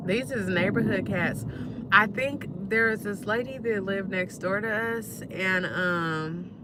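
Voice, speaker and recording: A woman, telling stories in a relaxed way as she chats to viewers on a live stream. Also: mid-range voice, takes it slowly, noisy background. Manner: relaxed storytelling, talks straight to viewers. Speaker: livestream host. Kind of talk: casual live-stream chat while eating.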